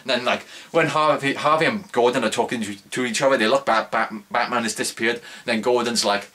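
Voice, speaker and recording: A man's voice: medium pitch, brisk, sharp tone. A young man giving a casual spoken movie review, rambling, with lots of filler words and restarts.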